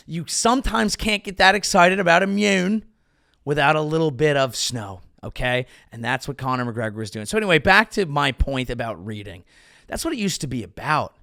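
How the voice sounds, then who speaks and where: A man's voice: on the high side, lively intonation, moderate pace, creaky, sharp tone, clean tone, dry recording, clean studio sound. A male comedian hosting his show, riffing in a rambling, crude, self-interrupting way. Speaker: comedian host. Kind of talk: comedic commentary.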